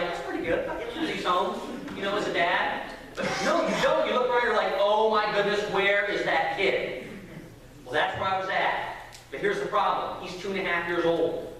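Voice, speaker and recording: Man, preacher, animated storytelling, roomy church echo, faint room noise. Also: sits high. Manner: animated storyteller acting out voices. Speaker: pastor. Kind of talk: sermon storytelling. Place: church sanctuary. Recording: echoey hall from far off.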